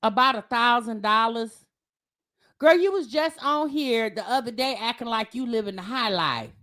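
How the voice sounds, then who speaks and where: A woman's voice: on the high side, expressive, normal speed, bright, forceful tone. A woman hosting a livestream, teasing and commenting on a clip with lots of laughter and repeated words. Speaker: livestream host reacting to a clip.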